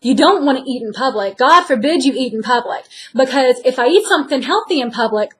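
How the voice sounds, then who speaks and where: A woman's voice: high-pitched, expressive, a little fast, few pauses, a bit bright. A woman talking candidly to the camera in an earnest, encouraging way. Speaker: vlogger sharing her weight loss journey. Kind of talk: candid direct-to-camera talk.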